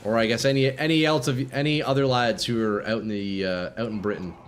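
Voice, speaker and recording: A young man streams a game live, laid-back as he chats with viewers and swears freely. His medium-pitched voice is steady and fairly quick, with a little hiss or hum in the recording.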